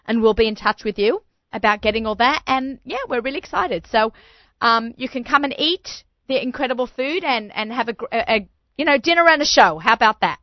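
A woman hosting a podcast, chatty and excitable, often repeating her words as she goes. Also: a little high, brisk, no echo, dull audio. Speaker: podcast host. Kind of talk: casual interview chat.

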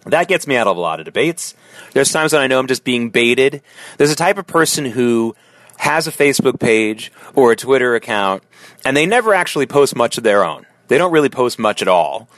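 A middle-aged man hosting a solo podcast monologue, with an animated delivery that swings from low, tired tones to sharp, emphatic peaks. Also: a little fast, no echo. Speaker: podcast host.

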